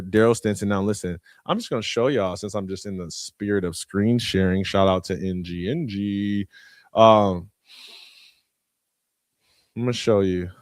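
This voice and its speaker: A man in his thirties hosting a live online community call, shouting out names with slangy, excitable energy and talking casually while sharing his screen. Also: fairly low pitch, a little slow, smooth, no room sound, clean studio sound. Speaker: host. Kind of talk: hype-filled live community broadcast.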